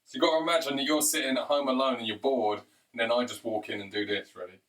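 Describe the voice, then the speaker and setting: A man's voice: medium pitch, fairly even intonation, quick pace, recorded from a distance, noisy background. A man rambling through a crude comic monologue, chatty and repeatedly urging the listener on. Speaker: comedian.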